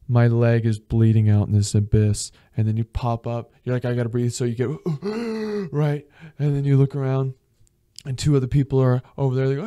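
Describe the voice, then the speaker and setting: A man's voice: medium pitch, mellow, clear, resonant tone, dry recording, studio quality. A man as a podcast guest, telling rambling, profane stories in casual chat. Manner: profane, rambling, acts out voices in his stories. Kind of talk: casual storytelling.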